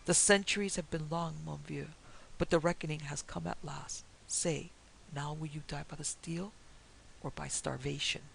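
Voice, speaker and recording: Woman voicing a nonchalant French detective, French accent, mocking, gravelly, faint hiss. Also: low voice, steady tone, moderate pace, poor audio. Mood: taunting. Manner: mocking, airy, sprinkled with French phrases.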